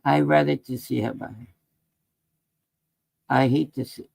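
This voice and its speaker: A man, a guest on a live-stream talk show, talking in an excitable way and calling out viewers in the chat. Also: mid-range voice, measured pace, gravelly, slightly rough, no room sound. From New York. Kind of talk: casual live-stream banter.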